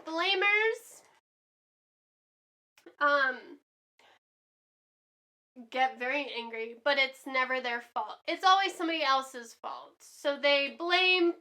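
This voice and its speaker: A woman's voice: high voice, expressive, takes it slowly, pauses often, sharp tone. A woman teaching a lesson in a chatty way, acting out examples with many fillers. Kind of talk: classroom lesson.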